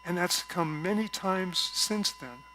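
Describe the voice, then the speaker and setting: A man preaching a gentle, reflective sermon from a stage at a spiritual center, telling a story and often dropping to a soft voice. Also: high-pitched, slow, background noise. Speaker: guest speaker at a spiritual center.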